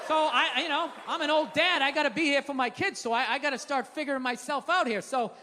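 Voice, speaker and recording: A man in his fifties performing a profane stand-up rant, chatty and swearing, building to shouted punchlines on a live stage. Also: very high voice, fast talker. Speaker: stand-up comedian. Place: live comedy venue stage. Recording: reverberant live venue, audience noise. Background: audience laughter.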